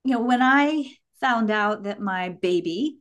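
A woman guest on a podcast interview, telling stories in an animated way, laughing and quoting herself. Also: medium pitch, measured pace. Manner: animated storytelling with laughs and quoted asides. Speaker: guest, human design teacher.

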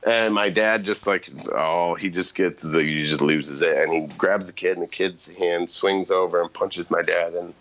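A man's voice: low voice, fairly even intonation, moderate pace, hardly any pauses, fairly bright tone, lo-fi sound, a little hiss or hum. A middle-aged man on a podcast telling a long, rambling story in casual chat, often correcting himself and laughing.

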